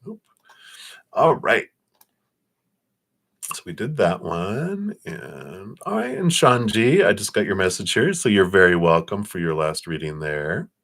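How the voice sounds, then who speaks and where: A deep, low-voiced man reads tarot cards on a live stream. He speaks gently and reassuringly, wandering through his thoughts with fillers and restarts. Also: big pitch swings, a little slow, vocal fry, pauses often. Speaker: tarot reader.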